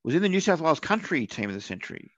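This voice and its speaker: A man co-hosting a satirical podcast, deadpan, reciting facts with hesitant fillers. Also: fairly high pitch, very fast, dry recording, lo-fi sound. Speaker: podcast co-host. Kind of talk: satirical casual banter.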